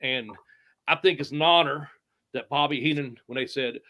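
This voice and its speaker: A middle-aged man, a retired wrestler telling profane, animated stories with sound effects. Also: medium pitch, normal speed. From United States. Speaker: retired pro wrestler, guest. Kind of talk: casual storytelling interview.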